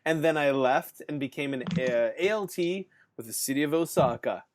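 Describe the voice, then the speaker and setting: A man's voice: a little high, moderate pace, a little hiss or hum. A male podcast host in casual chat who rambles, fills his talk with "um" and "like", and laughs often. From Canada.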